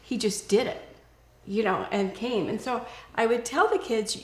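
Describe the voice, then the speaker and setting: A woman's voice: a little high, a little slow, a little mellow. An older woman talking earnestly and casually about raising children, telling stories and acting out what she would say. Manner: earnest, storytelling, acts out quoted lines. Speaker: parenting speaker. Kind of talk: casual conversational advice. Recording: roomy echo.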